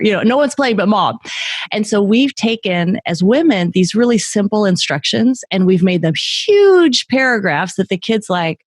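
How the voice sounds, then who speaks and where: A middle-aged woman speaking as a guest author in a podcast interview, telling lively stories and acting out the voices she quotes. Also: medium pitch, a little fast, no room sound, clean studio sound. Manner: lively storyteller who acts out quoted voices.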